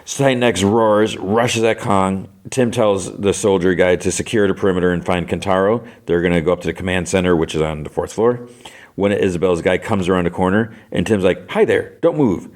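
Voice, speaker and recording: A man's voice: sits low, fairly even intonation, fairly quick. A male podcast host giving a casual, rambling recap of an episode, filling his talk with "like" and "you know.". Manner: rambling retelling full of "like" and "you know" fillers.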